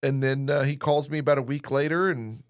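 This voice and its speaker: A man's voice: medium pitch, steady tone, a little fast, smooth. A man hosting a radio interview, telling a casual story and acting out the quoted dialogue in an emphatic way. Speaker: radio show host.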